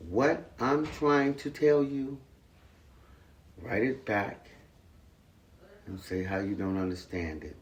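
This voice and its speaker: A very low-voiced man speaks earnestly and repeats himself as he talks to his sons at home. He is heard from across an echoey room with a faint hiss underneath. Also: far from the mic. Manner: earnest, repetitive, plain-spoken. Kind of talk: home family talk, lecturing and apologizing.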